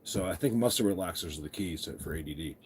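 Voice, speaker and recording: A deep-voiced man talks fast, his tone darkish with a breathy edge. Hosting a live stream from his phone camera, this vlogger is groggy from just waking up, rambling casually and greeting viewers by name.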